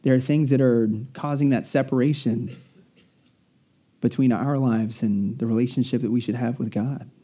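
A man preaching a sermon in an earnest, storytelling manner, slowing down to stress key words. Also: mid-range voice, steady tone, mellow, husky. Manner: earnest, storytelling, slows down for emphasis.

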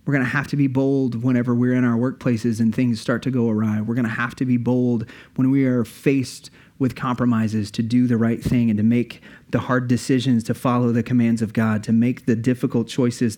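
A man's voice: mid-range voice, level tone, normal speed, warm tone. A male pastor preaching a sermon earnestly, building his points with repeated phrases.

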